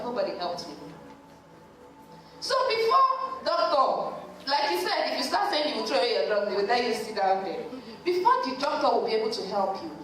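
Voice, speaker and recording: A woman, a psychologist telling a story to a church congregation in an animated way. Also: fairly high pitch, a little hiss or hum. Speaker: psychologist speaking at a church service. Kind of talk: lively talk at a church service. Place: large church hall. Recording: echoey church hall, mic at a distance.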